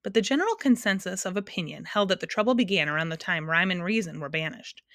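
A woman reading a children's storybook aloud in a calm, expressive way. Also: on the low side, quick pace, dry recording, studio quality. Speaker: narrator.

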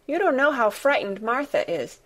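A woman's voice: a little high, sing-song, normal speed, a bit bright, pitched above the performer's own voice. A woman voicing a young girl who speaks in a direct, matter-of-fact way. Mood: earnest. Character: plain-spoken young girl, blunt and curious.

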